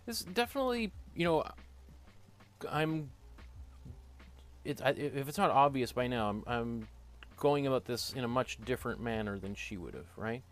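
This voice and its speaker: A man's voice: medium pitch, lively intonation, moderate pace. A man with a Canadian accent teaching a painting class, thinking aloud while he works, with many fillers and restarts. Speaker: art teacher.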